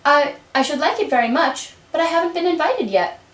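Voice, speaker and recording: A polite, earnest young girl as a woman puts her on in a puppet show, high and lively, her questions swooping up. The sound is roomy, from a mic well away. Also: brisk. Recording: roomy, mic set far off.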